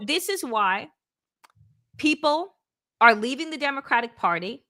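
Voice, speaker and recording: A woman's voice: sits high, pushed and bright. A woman hosting a political talk show, speaking emphatically and swearing for emphasis. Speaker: host.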